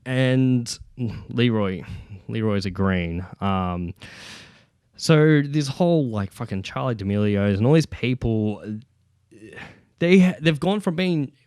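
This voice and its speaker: A man's voice: medium pitch, lively intonation, takes it slowly, a little mellow, smooth, dry recording, clean studio sound. A man hosting a casual solo podcast from home, rambling, swearing freely and using lots of fillers. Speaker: podcast host. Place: at home with his child nearby. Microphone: podcast microphone.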